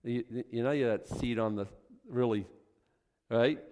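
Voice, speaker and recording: A man preaching a sermon, acting out little scenes and swinging between loud outbursts and hushed asides. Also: mid-range voice, a little slow. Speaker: pastor.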